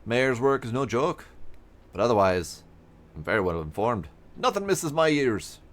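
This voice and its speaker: A man's voice: mid-range voice, sing-song, a little hiss or hum, voice pushed up, lightly acted. A man doing a pompous blustering mayor. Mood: grandiose. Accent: mock British. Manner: theatrical, drawn-out grandiose delivery.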